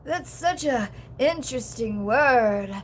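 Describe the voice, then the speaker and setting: A woman doing an impression of a ditzy, breathy young woman, talking slowly with a drawn-out, airy delivery. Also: fairly high pitch, animated.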